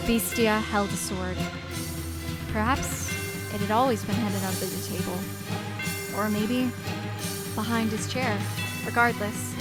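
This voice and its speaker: A young woman streamer reading a visual novel aloud and reacting expressively, her voice hoarse and strained. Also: medium pitch. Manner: expressive, reacts with laughs and exclamations.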